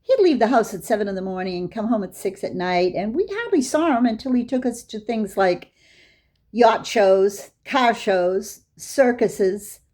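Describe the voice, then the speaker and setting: Older woman telling stories, mellow and husky. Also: mid-range voice, animated, a little slow. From Boston area, USA. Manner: anecdotal, acts out dialogue with her own voice. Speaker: Islamic lecturer. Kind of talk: storytelling lecture.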